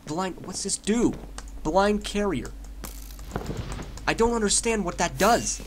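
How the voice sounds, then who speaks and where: A young man narrates his gameplay in a loud, excited rush, trash-talking and cheering himself on. His pitch jumps all over the place. Faint mouse clicks sit under his voice. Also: takes it slowly, noisy background. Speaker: gaming YouTuber.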